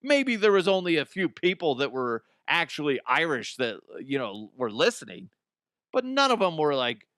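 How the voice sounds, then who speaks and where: A man who is a radio host, telling a casual comedic story, animated, swearing and laughing as he talks. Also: on the high side, normal speed, dry recording, clean studio sound. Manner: animated, swearing, laughs often, slips into voices.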